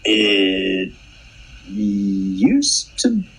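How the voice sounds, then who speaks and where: Husky-voiced man in casual chat. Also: on the low side, wildly swooping pitch, poor audio. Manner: halting, restarts sentences, dry humor.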